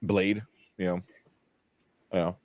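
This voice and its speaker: A man's voice: deep voice, level tone, measured pace, darkish tone, no echo. A man hosting a casual film podcast, rambling with many fillers and frequent laughs. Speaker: podcast host. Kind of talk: casual chat.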